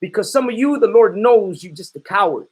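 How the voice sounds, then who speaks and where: A man's voice: high-pitched, lively intonation, fairly quick, a little mellow, husky. A man preaching in a fiery, confrontational way, calling out his listeners and giving commands to a reader. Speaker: street preacher.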